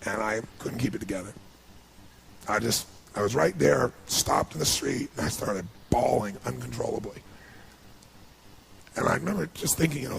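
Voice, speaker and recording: A middle-aged man giving a motivational speech, telling a personal story in an animated, emotional way. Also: medium pitch, moderate pace, creaky, long pauses, slight background noise. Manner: animated, emotional storytelling with rising bursts of intensity. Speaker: motivational speaker.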